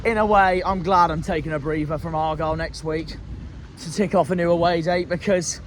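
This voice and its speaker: Traffic and street noise surround an angry West Country football fan vlogger ranting outdoors after a match in a city street. He speaks with a West Country English accent in a high, somewhat bright voice.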